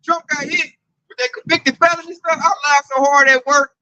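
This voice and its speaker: A man in a casual group discussion, animated and slangy, often tagging his sentences with "man". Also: very high voice, normal speed, no echo, highs cut off. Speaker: camp group member.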